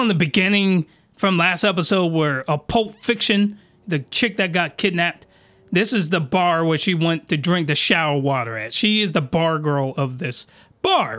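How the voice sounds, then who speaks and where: A man hosting a comedy podcast, talking in an animated, incredulous, slangy way. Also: sits high. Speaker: podcast host.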